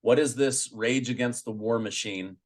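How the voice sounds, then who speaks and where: A man hosting an interview, asking questions calmly and a bit hesitantly. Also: mid-range voice, moderate pace. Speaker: interview host.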